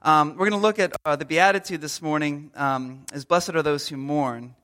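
High, bright-voiced man preaching casually. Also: normal speed. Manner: humorous storytelling, acts out little scenes; loose, with many fillers and restarts. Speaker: pastor. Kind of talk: conversational sermon.

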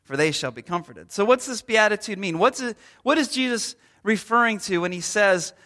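A pastor in his thirties with a high voice preaches in a relaxed, joking way, acting out small everyday scenes. His tone is bright and forward, and his delivery is loose, full of fillers and restarts. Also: moderate pace. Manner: humorous storytelling, acts out little scenes. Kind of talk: conversational sermon.

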